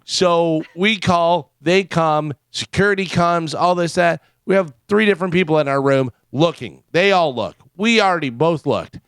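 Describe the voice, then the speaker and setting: A man co-hosting a morning radio show, telling a lively anecdote in casual chat from the studio. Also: a little high, moderate pace, few pauses, clear, resonant tone, no room sound. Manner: animated anecdote teller with laughs and quoted voices. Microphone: studio microphone.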